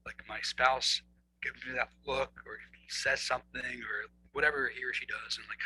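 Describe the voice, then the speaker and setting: A man speaking as a guest relationship coach, explaining earnestly and acting out inner dialogue, swinging between loud and soft. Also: mid-range voice, steady tone, normal speed, slight background noise, rough recording. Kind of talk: conversational explaining.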